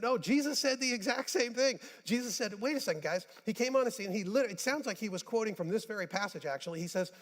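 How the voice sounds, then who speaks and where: Man, pastor, sermon, high-pitched, echoing church sanctuary, casual asides, hushed to emphatic. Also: expressive, quick pace, hardly any pauses. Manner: conversational, joking asides, swings between hushed and emphatic. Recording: church hall with long reverb.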